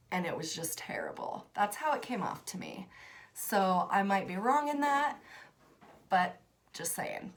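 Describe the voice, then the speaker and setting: Blunt, exasperated woman reviewing movies. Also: lowish voice. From Colorado. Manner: blunt and exasperated, candid opinions. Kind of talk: casual video review.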